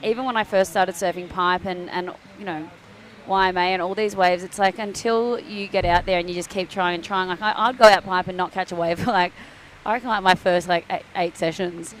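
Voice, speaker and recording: A young Australian woman, a surfer, chatting casually on a live broadcast, telling stories with lively acted-out quotes and laughter. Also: on the low side, brisk, few pauses, a little hiss or hum. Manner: bubbly storyteller, acts out quoted voices, laughs often. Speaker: surfer commentator. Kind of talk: casual chat. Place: outdoors at a beach event.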